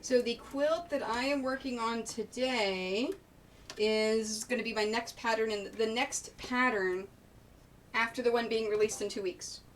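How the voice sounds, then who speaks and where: A woman's voice: fairly high pitch, steady tone, a little slow, fairly bright tone. A woman quilter chatting casually on a live stream as she sews, thinking aloud and greeting viewers by name. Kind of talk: casual live-stream chat while sewing. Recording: distant mic with faint noise.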